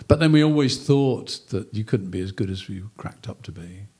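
A man's voice: lowish voice, expressive, normal speed, a little mellow, breathy edge, voice pushed down. A man voicing Job's comforters as smug, prying male friends, insinuating and coaxing.

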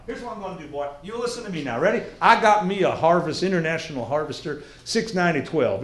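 A man's voice: fairly high pitch, natural voice. A man voicing a blustering, possessive Texan farmer with a folksy drawl who calls his listener son and boy. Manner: loud, indignant, bargaining. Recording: roomy lecture hall.

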